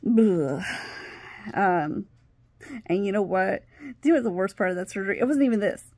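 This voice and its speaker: A middle-aged woman telling a personal story on her video channel, animated, acting out what others said and sometimes dropping to a whisper. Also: mid-range voice, moderate pace, no echo. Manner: animated, acts out quoted dialogue, drops to whispers. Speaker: vlogger.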